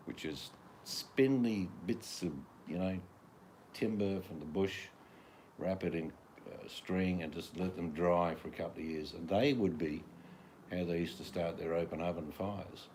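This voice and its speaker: A man's voice: low voice, unhurried, darkish tone, a little hiss or hum. An older man with an Australian accent, chatting casually in a laid-back, slang-filled drawl outdoors in his garden. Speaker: vlogger. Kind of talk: casual vlog chat.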